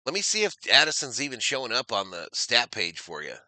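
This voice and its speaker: A man doing energetic live play-by-play of a football game on his stream, stopping to read and answer viewer chat. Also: mid-range voice, fairly quick, no echo. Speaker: live stream sports commentator.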